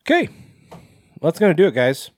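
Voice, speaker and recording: Another male podcast co-host, his voice sitting on the high side with huge swings in pitch at a moderate pace. The talk is loose and rambling, full of fillers and free swearing, captured dry in studio quality.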